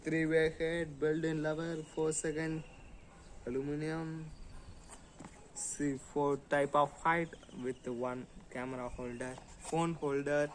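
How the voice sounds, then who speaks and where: Slow, chatty Indian English man unboxing. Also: fairly high pitch, flat delivery, a little hiss or hum, rough recording. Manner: slow and chatty, humming and making sound effects. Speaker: vlogger. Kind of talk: casual unboxing vlog.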